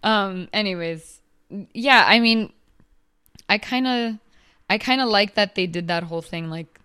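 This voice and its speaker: A woman's voice: medium pitch, moderate pace, bright, forceful tone, clean tone. Rambling woman in casual chat. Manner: rambling, full of restarts and fillers. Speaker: podcast co-host.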